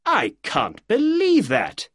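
A man putting on a higher, probing detective voice. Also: huge pitch swings, husky, no echo, clean studio sound, heavily acted. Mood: inquisitive. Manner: brisk, polite and probing. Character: keen sharp-witted male detective. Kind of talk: audiobook character reading.

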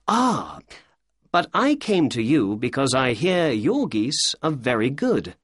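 A sharp, inquisitive detective, as an audiobook narrator puts him on, lifted well above the reader's own voice and swinging through a very lively melody. He asks brisk, courteous questions at an unhurried pace, with a husky edge on a dry, close recording. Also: mid-range voice, dry recording, voice pushed up, full character voice. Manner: brisk, polite and probing. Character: keen sharp-witted male detective. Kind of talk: audiobook character reading.

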